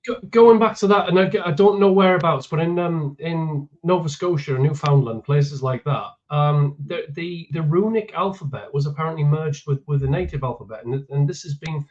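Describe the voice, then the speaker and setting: A man's voice: on the high side, normal speed, hardly any pauses, a little mellow, lo-fi sound. A man chatting casually as co-host, hesitating and often repeating words. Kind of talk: casual chat.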